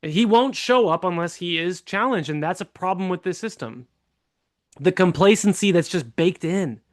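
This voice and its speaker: Man, fairly high voice, political candidate, earnest, long run-on points. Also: lively intonation, moderate pace. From California. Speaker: congressional candidate. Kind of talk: podcast interview.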